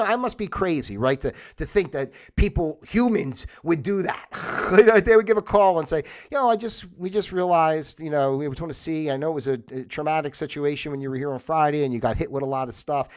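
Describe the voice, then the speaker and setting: A man's voice: fairly high pitch, lively intonation, a little fast, hardly any pauses. Rambling, exasperated man hosting a livestream. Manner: rambling and conversational, getting worked up and exasperated; laughs between points, frequent fillers. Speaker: livestream host. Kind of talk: casual monologue. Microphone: livestream microphone.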